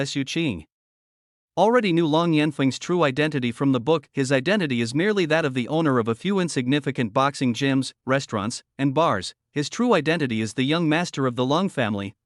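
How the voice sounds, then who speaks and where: A man reading a scripted story recap as the narrator, in an even, steady delivery. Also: on the high side, no echo, clean studio sound.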